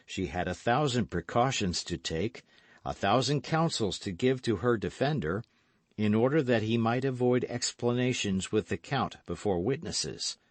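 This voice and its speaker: A man narrating an audiobook of a classic novel in an expressive storytelling manner. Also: lowish voice, dry recording. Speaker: audiobook reader. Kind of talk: scripted narration.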